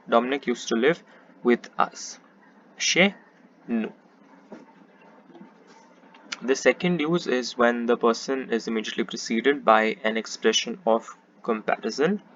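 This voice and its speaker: A man's voice: medium pitch, a bit bright. Patient man tutoring French grammar. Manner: patient, methodical, repeats each example in French then English. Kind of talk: explanatory grammar lesson. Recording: slightly muffled with faint background hiss.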